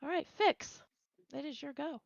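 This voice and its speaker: A woman with a heavily gravelly, slightly high voice runs a tabletop game as game master. She talks in a loose, casual way and laughs often. The sound is dull and dry, a lo-fi recording with no room around it. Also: normal speed, dry recording.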